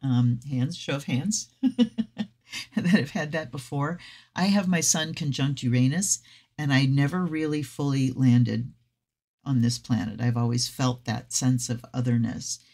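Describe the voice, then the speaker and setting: A woman's voice: rumbling low, unhurried, a little mellow. Woman tarot reader, casual deck review: reads the guidebook aloud, then drifts into chatty, effusive tangents with some swearing. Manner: chatty and effusive, swearing, with frequent personal asides.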